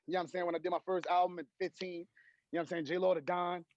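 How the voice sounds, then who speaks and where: A man's voice: high-pitched, little pitch movement, rapid-fire, no echo, dull audio. A young man, a rapper guest, telling his story in casual interview chat and breaking into rap verses.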